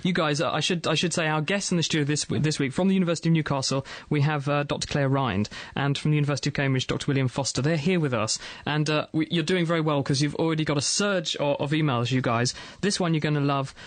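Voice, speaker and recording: A man with an English accent hosting a live radio science show, chatting briskly and reading out listener emails. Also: fairly high pitch, no echo.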